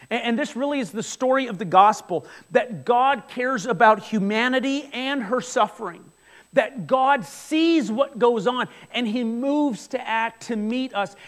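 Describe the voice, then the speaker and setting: A man's voice: very high voice, fairly bright tone. A man in his forties preaching a sermon to a congregation in a church, earnest and conversational, often asking the room questions. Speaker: pastor. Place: church hall before a congregation.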